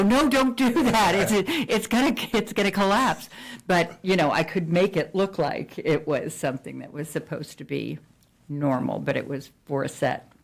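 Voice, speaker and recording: A middle-aged woman from New Jersey, a real estate agent chatting casually in an interview, with frequent fillers and restarts. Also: sits low.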